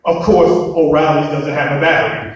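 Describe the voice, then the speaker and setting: A man telling a comic true story on stage, animated and profane, with a live-event sound. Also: a little high, moderate pace, highs cut off. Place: large hall on stage. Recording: echoey hall, distant mic.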